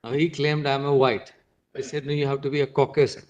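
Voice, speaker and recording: A man speaking from the bench, calm and explanatory. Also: medium pitch, fairly quick, highs cut off. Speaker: judge on the bench. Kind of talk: courtroom remarks.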